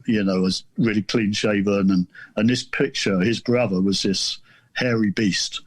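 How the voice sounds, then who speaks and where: A man's voice: on the low side, steady tone, unhurried, no echo. A middle-aged man from the south of England telling a story on a podcast, rambling and self-deprecating, with many restarts. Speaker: podcast guest, author. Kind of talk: casual storytelling.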